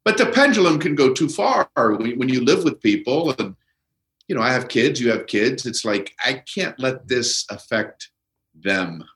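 Middle-aged comedian guest in a roomy space. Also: male voice, mid-range voice, animated, a bit bright. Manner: measured storytelling with pauses. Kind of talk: relaxed podcast conversation.

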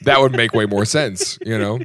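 A man co-hosting a casual podcast chat, joking and teasing his partner in quick riffs. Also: fairly low pitch, fairly bright tone, dry recording, studio quality. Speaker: podcast co-host.

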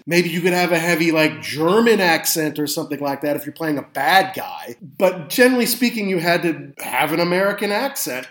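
A man's voice: on the high side, fairly bright tone. A man co-hosting a casual film review chat, enthusiastic and wry, laughing often. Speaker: podcast co-host. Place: recording studio. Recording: roomy echo.

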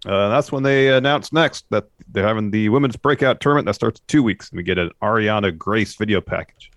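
Deep-voiced laid-back man. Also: a little fast, fairly bright tone, dry recording, clean studio sound. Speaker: podcast co-host. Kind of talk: casual wrestling recap chat.

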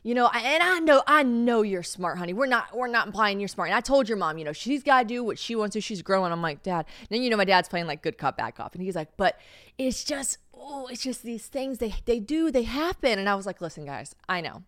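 A young adult woman hosts a podcast from Tennessee, chatting through a story in a profane, self-mocking way and acting out the voices of the people she quotes. Her mid-range voice is sing-song, brisk and a little bright. The recording is studio quality with no room sound.

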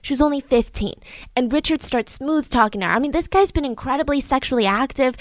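A woman casually telling a true crime story in a chatty, animated way, acting out the quotes of the people in it. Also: high voice, fast talker, no room sound.

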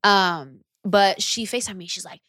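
Slangy, animated young woman telling a story. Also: medium pitch, normal speed, no echo, clean studio sound. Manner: animated, slangy, acts out her own past reactions. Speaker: recording artist guest. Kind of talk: casual interview storytelling.

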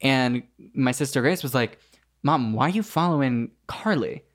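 A man's voice: mid-range voice, lively intonation, normal speed. A man co-hosting a podcast, telling a story in loose, filler-heavy casual chat. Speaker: podcast co-host.

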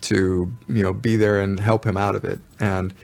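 Low, gravelly man, thoughtful guest. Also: flat delivery, a little mellow. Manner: thoughtful, measured storytelling. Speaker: musician guest. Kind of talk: casual interview chat.

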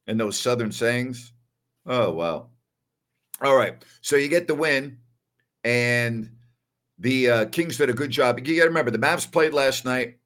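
A man's voice: medium pitch, a little slow, a bit bright. A man from New York hosting a solo basketball postgame livestream in a casual, emphatic way, often repeating himself. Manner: emphatic, repeats "all right" a lot. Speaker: host of a basketball postgame show.

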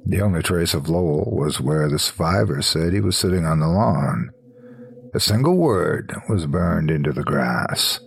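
A man narrating a scripted horror story in a slow, low, hushed storytelling manner. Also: animated, gravelly, husky.

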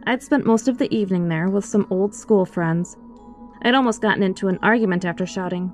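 A woman reading a first-person horror story aloud in an expressive, scripted storytelling voice, with faint music behind her. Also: mid-range voice, a little fast.

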